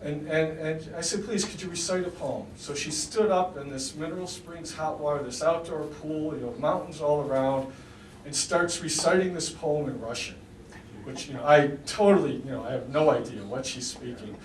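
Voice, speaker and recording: A man's voice: fairly high pitch, moderate pace, a little hiss or hum. Rambling American man telling a story. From United States. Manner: meandering and conversational, with many restarts. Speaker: poet and storyteller. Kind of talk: live spoken storytelling. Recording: echoey room, distant mic, faint ambience.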